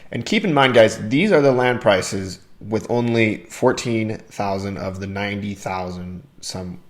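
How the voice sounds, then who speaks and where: A man's voice: lowish voice, measured pace. A man hosting a crypto video channel, talking casually and enthusiastically to his viewers as he walks them through a topic. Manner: enthusiastic, addresses viewers as "you guys". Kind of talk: casual explainer talk to camera.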